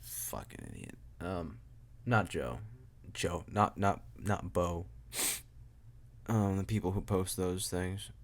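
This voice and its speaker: Recording a solo podcast in a home room with a noisy air conditioner, a young host talks at a slow pace in a low, animated voice with vocal fry. His rambling, self-mocking delivery often trails off and restarts.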